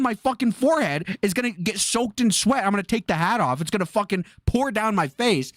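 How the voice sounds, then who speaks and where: A man's voice: high-pitched, lively intonation, a little fast, few pauses, fairly bright tone, no echo, studio quality. A man in his twenties doing livestream commentary from his bedroom, ranting in an exasperated, profane way. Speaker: streamer. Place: bedroom with a fan blowing.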